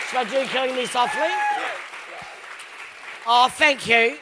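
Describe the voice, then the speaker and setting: A woman's voice: fairly high pitch, measured pace, long pauses, a loud crowd, heavy background noise. A woman in her fifties with an Australian accent doing live stand-up comedy, crude and full of swearing. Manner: bawdy, crude, heavy swearing. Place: live comedy venue stage.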